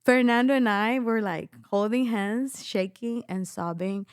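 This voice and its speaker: A young adult woman, a podcast guest, shares an emotional personal testimony, animatedly acting out the voices of people in her story. Her fairly high voice moves at a measured pace and sounds smooth. The recording is dry and studio quality.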